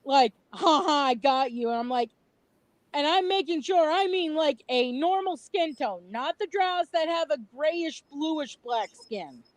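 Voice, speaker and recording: Indignant high-voiced woman, dry mic. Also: lively intonation, measured pace, no room sound, rough recording. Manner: indignant, blunt, mocking quotes. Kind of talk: casual ranting chat.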